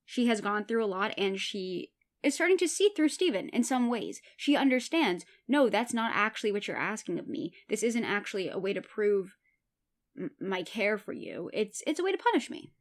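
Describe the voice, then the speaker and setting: A woman hosting a podcast, retelling and reacting to a TV episode in an animated, chatty way. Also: mid-range voice, normal speed. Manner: chatty, animated, laughs while retelling scenes. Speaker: podcast host. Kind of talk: casual episode recap.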